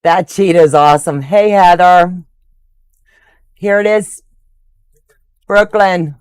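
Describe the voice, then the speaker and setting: A woman's voice: fairly low pitch, slow, pauses often, darkish tone, clean tone, no room sound. An older woman hosting a quilting livestream, chatting casually and gushing affectionately over viewers' comments.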